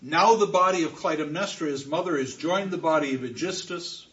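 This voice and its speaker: Male lecturer, high bright voice, emphatic, heard from afar on a dull recording. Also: fairly quick, recorded from a distance. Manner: expressive, with emphatic repetitions. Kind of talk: classroom lecture.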